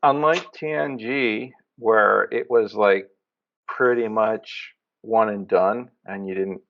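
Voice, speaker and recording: A man co-hosting a podcast, chatting casually and telling rambling, excitable stories. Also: fairly low pitch, takes it slowly, vocal fry, a little hiss or hum. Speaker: podcast co-host. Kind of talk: casual chat. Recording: dull lo-fi sound.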